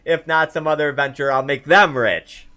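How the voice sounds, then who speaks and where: A man voicing a busy, harried male townsman who hands out quests, talking in a hurried, stammering way. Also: fairly high pitch, fairly even intonation, bright, forceful tone, pitched above the performer's own voice.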